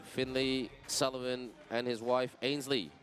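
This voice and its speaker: A man commentating a live basketball game, energetic and chatty, greeting viewers in several languages. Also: medium pitch, unhurried. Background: crowd.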